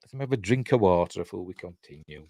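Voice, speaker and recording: A man's voice: sits low, expressive, fast talker, dark tone, dry recording, clean studio sound. An older man with a Yorkshire accent hosting a live-stream news show, reading entertainment stories aloud with chatty, rambling asides and self-mocking jokes.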